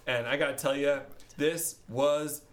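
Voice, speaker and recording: A man's voice: on the high side, fairly even intonation, a little slow. A man co-hosting a podcast, rambling and joking in casual chat and laughing often. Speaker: podcast co-host.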